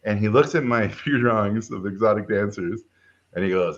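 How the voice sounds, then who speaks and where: A middle-aged man from Mexico, a film director, telling a story in a lively way and acting out the people in it. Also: lowish voice, normal speed, lo-fi sound. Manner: animated, acts out quoted voices. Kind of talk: casual storytelling chat.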